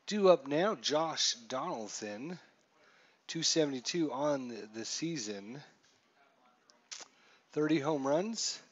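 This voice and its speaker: A man's voice: medium pitch, fairly bright tone, highs cut off. Chatty man calling a simulated ballgame. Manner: chatty, reels off stats, rises for big plays. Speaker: streamer playing a baseball simulation. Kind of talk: casual play-by-play commentary.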